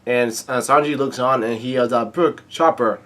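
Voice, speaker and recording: A man's voice: medium pitch, fairly even intonation, normal speed, a bit bright. A man casually reading a comic chapter aloud and recapping it, hesitant with frequent ums and restarts. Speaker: manga reader-reviewer.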